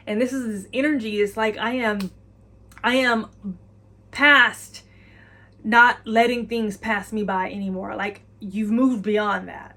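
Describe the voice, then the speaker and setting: A woman's voice: fairly high pitch, steady tone, slow pace, sharp tone. A woman giving an intuitive channeling message. She talks earnestly and encouragingly, repeats key phrases and often speaks in the listener's imagined voice.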